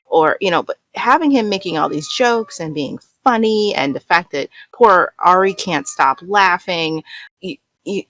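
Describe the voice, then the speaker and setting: A woman's voice: on the low side, lively intonation, unhurried, fairly bright tone. A woman on a fan podcast panel, talking emphatically and critically in casual discussion.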